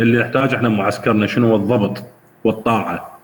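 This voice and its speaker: Fast, low-voiced Iraqi lecturer. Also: male voice, fairly even intonation. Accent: Iraqi Arabic. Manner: explains word by word and quizzes students. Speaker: university English lecturer. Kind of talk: classroom lecture mixing Arabic and English. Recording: reverberant room, faint background noise.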